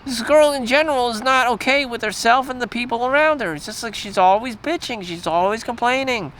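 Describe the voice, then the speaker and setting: A man with a strikingly high voice vents in a crude, agitated rant, circling back to the same points and cursing often. He is outdoors, with faint traffic noise behind him. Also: brisk, fairly bright tone. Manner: crude, repetitive, agitated rant with frequent swearing. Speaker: vlogger. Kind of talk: profane ranting monologue.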